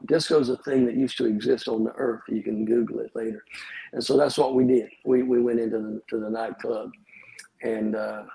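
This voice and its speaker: A man's voice: mid-range voice, creaky, a little mellow, slightly rough, rough recording. A middle-aged pastor, telling his life story as a podcast guest with humorous, wry asides.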